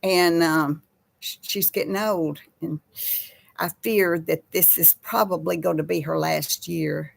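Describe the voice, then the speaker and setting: An older woman chatting casually with live viewers in a slow, folksy way. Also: fairly low pitch, steady tone, creaky. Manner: slow folksy talk, baby voice to her pets. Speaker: host of a live chat with viewers. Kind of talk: casual live-stream chat reading viewer comments.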